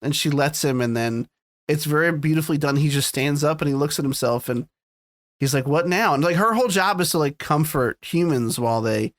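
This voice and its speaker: A man's voice: fairly high pitch, brisk, no echo. A man co-hosting a podcast, chatting casually and animatedly retelling scenes with plenty of swearing. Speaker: podcast co-host. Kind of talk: casual chat.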